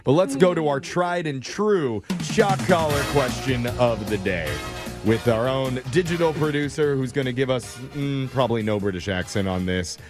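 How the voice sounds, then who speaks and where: Man, radio morning host, teasing, animated delivery, music bed behind. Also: medium pitch, moderate pace. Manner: playful, teasing. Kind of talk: casual morning radio banter.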